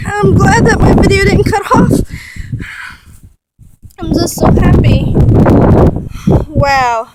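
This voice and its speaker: A woman's voice: extremely high pitch, expressive, slow, long pauses. A woman filming a casual walking vlog on a beach with her phone on a selfie stick, gushing and exclamatory. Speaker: vlogger. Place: outdoors on a beach. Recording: loud wind noise on phone.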